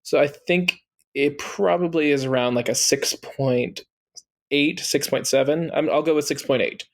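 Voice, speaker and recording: A man's voice: on the high side, normal speed. A man co-hosting a casual podcast, chatty and mock-indignant when he loses. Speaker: podcast co-host. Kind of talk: casual chat.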